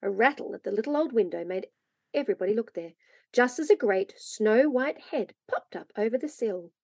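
A woman reading a classic children's story aloud, expressive and lively. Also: fairly high pitch, moderate pace, gravelly, no echo. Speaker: reader.

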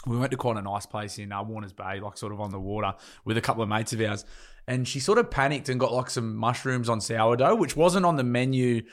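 A man's voice: medium pitch, fairly quick. A man in his twenties with an Australian accent, co-hosting a casual podcast chat, crude and joking with lots of swearing. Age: 20s. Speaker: podcast co-host.

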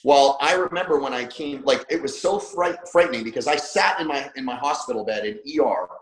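A podcast guest who works as a trainer and coach recounts something from his own life, emphatic, blunt, and cursing without restraint. He speaks briskly in a mid-range voice, captured with roomy echo.

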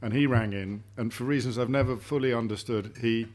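A man's voice: mid-range voice, fairly even intonation, fairly quick, darkish tone. A middle-aged man, chatting as a dinner guest and telling stories, often repeating words as he thinks. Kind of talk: casual dinner-table chat. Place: home dining room.

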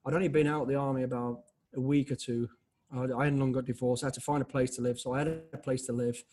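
Husky, quick-talking man in his fifties; blunt interview guest who acts out the voices in his stories. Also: medium pitch. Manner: blunt, animated, lots of restarts and acted-out dialogue. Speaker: interview guest, former special forces soldier. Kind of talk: casual conversational storytelling.

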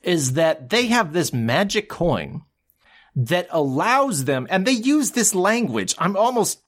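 A man's voice: high-pitched, very animated, slow pace. A man co-hosting a podcast in casual chat, recapping a plot in a heated, ranting way. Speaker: podcast co-host.

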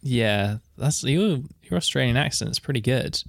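A man's voice: medium pitch, expressive, measured pace, vocal fry, no echo, clean studio sound. A man co-hosting a casual music podcast, reading out definitions and quotes and laughing easily. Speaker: podcast co-host.

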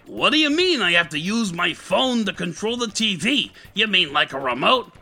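A man putting on the voice of a bewildered middle-aged father who cannot work his TV, loud and exasperated. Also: sing-song, moderate pace, gravelly, faint music behind, heavily acted. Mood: baffled. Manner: loud, squeaky, exasperated questioning. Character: bewildered middle-aged dad confused by tech.

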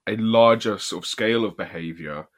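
This podcast co-host has a lowish voice and speaks at a moderate pace. In casual conversation he jokes around and explains things at length.

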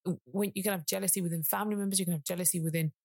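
Earnest young female co-host, gravelly, close dry sound. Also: fairly low pitch, fairly even intonation, rapid-fire, a little mellow, dry recording. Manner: talkative, many fillers, earnest. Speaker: podcast co-host. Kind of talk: casual chat.

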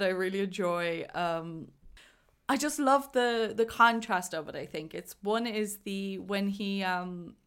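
A woman co-hosting a casual film chat who laughs often and tells scenes with animated energy. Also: medium pitch, clear, resonant tone. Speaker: podcast co-host.

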